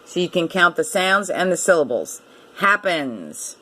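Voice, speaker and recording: A woman teaching a reading lesson to children, repeating each word and sounding it out letter by letter in a slow, deliberate way. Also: on the low side, sing-song, a bit bright.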